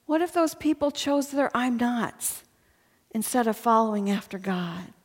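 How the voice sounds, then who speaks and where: A woman's voice: fairly high pitch, animated, unhurried, husky. A woman giving a personal faith testimony to a women's gathering, chatty and earnest and laughing often. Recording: long hall reverb.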